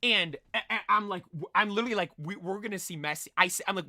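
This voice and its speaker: Excitable high-voiced young man rambling. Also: fairly quick, hardly any pauses, no echo, studio quality. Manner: excitable, rambling, full of "like" and "dude", many restarts. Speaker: streamer. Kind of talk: casual stream chat.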